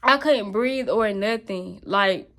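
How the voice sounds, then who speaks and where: A young woman vlogger tells her own story as personal testimony, candid, raw and emotional. Her medium-pitched voice is a bit bright, and she takes her time.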